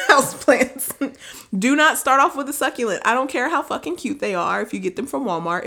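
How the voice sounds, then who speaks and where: A woman's voice: fairly low pitch, a bit bright. A woman co-hosting a podcast in joking, playful casual chat, swearing and laughing often. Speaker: podcast co-host.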